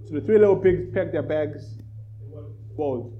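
A man preaching to a church, telling a children's story with lively energy. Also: on the high side, brisk, dull audio, slight background noise. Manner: animated storyteller, rising in volume. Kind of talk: sermon with storytelling.

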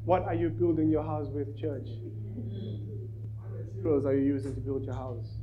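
A man preaching to a church, telling a children's story with lively energy. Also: mid-range voice, normal speed, narrow, tinny audio, a little hiss or hum. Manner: animated storyteller, rising in volume. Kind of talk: sermon with storytelling.

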